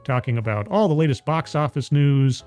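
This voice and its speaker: Animated, rambling livestream host, a man. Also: fairly high pitch, moderate pace, soft background music. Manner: rambling and self-deprecating, with frequent restarts. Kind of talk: casual livestream chat reading viewer comments.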